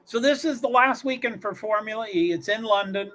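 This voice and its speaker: A man's voice: high voice, brisk, sharp tone. A man hosting a livestream, chatting casually and rambling as he thinks aloud while watching a race. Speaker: livestream host. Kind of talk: casual commentary.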